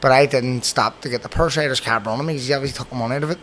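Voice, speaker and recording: A Belfast man hosts a casual podcast and rattles through his stories at a rapid clip, swearing at every turn. His pitch sits in the ordinary middle for a man, and a faint hum of room ambience lingers behind him. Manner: swears constantly, animated anecdotes. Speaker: podcast host. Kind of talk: casual storytelling chat.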